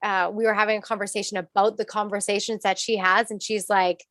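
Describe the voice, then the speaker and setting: A woman, a spiritual coach, telling a story in a casual interview, animated, acting out quotes and laughing. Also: medium pitch, a little fast, no echo.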